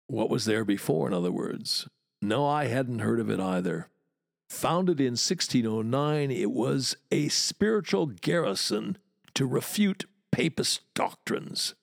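Gravelly man with a wry storytelling lilt. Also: mid-range voice, expressive, a little slow, dry recording, clean studio sound. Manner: wry, chatty storyteller with asides. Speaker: podcast host and walking tour guide. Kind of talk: scripted history narration.

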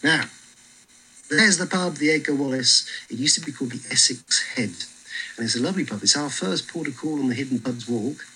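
A man leading a walking tour outdoors on a city street, telling stories in a lively way with frequent fillers. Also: mid-range voice, a little fast, a little hiss or hum, low-quality recording.

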